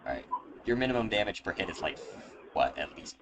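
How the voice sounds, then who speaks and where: Low-pitched male game master, casual joking delivery, noisy home recording. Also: big pitch swings, fairly quick, a bit bright. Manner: casual, swearing, laughing asides. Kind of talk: narrating a tabletop game.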